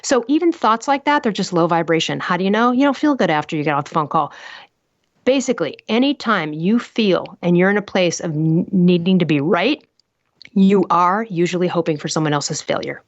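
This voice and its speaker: Fairly quick and animated, this woman's fairly low voice comes through muffled podcast audio with no room sound. Guesting on an interview show, she tells stories with emphatic bluntness and leans on rhetorical questions throughout.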